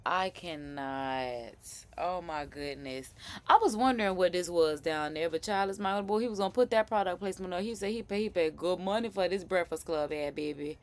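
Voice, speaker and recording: A woman with a New Orleans accent hosting a live stream, reacting to news clips in slangy, animated, casual chat. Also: fairly low pitch, brisk. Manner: animated, chatty, slangy, laughing asides.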